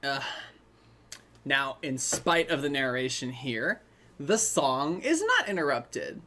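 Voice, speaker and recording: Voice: medium pitch, very animated, slow, pushed and bright. Rambling chatty movie commentator. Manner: rambling, chatty, trailing off into asides. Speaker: commentary host.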